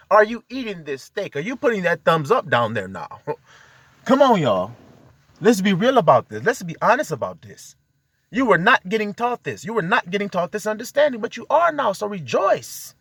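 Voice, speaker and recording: This man's voice sits high and swings widely in pitch, with a slightly bright, breathy edge and normal speed. A self-styled preacher, he gives an impassioned spiritual talk from inside his car, urging listeners on with one rhetorical question after another. The recording is dry.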